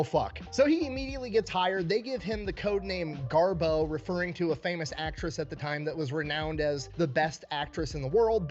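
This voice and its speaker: A man casually telling a history story, animated and swearing freely as he acts out the people in it. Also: a little high, muffled recording.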